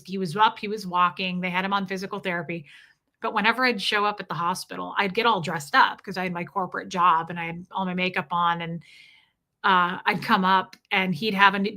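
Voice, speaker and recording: A woman's voice: medium pitch, pushed and bright. A woman hosting a livestream, telling personal stories in a chatty way and reading out viewer comments as she goes. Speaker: livestream host. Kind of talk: casual storytelling to a live chat.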